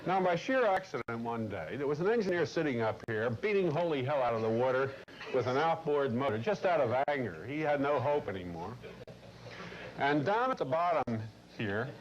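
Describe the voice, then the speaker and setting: Man lecturing, blunt and salty, animated storyteller, muffled old videotape, faint hiss. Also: mid-range voice. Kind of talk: storytelling lecture to a corporate class. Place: lecture room.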